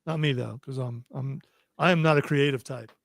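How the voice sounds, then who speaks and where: A man's voice: mid-range voice, fairly even intonation, moderate pace, vocal fry, no echo, studio quality. A man hosting a radio show, joking through casual on-air banter. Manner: joking, playful, breaks into shouts.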